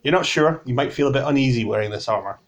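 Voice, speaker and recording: A man's voice: mid-range voice, fast talker. A man running a tabletop game as game master, talking in a dry, wry, matter-of-fact way.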